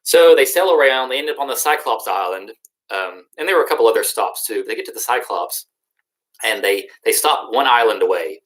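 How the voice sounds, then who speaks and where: A man's voice: on the low side, lively intonation, fairly quick, fairly bright tone, low-quality recording. Casual, slangy young male teacher. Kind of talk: casual recorded lesson recap.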